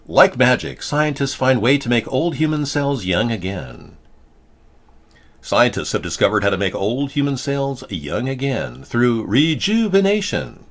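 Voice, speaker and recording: A man's voice: medium pitch, expressive, unhurried, a bit bright. A man hosting a casual political talk show, rambling from story to story with a joking, sarcastic manner. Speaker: host.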